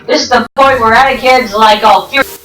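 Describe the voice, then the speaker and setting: A woman giving rambling, jokey game commentary, full of excitable outbursts and self-corrections. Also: on the high side, fairly quick. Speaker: gameplay commentator. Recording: roomy, distant mic with game music.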